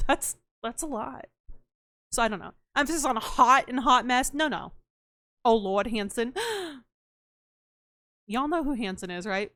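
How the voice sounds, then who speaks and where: A woman's voice: on the high side, lively intonation, normal speed, sharp tone, dry recording. A young woman streaming a game, chatting casually with her viewers in a playful, profane and self-mocking way. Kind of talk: casual live-stream chat, reading out chat messages.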